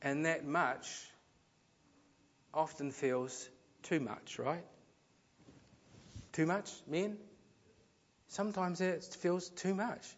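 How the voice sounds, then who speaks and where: A man preaching a sermon, earnest, swinging between loud emphasis and soft, low phrases, with some repeated words. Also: fairly even intonation, extremely slow, pauses often, dull audio. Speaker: pastor.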